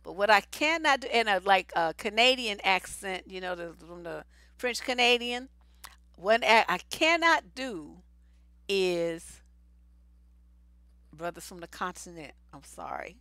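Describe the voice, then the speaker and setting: A woman's voice: mid-range voice, lively intonation, a little slow, bright, forceful tone, no echo. A woman giving blunt, slangy relationship advice in a casual live stream. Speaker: relationship coach.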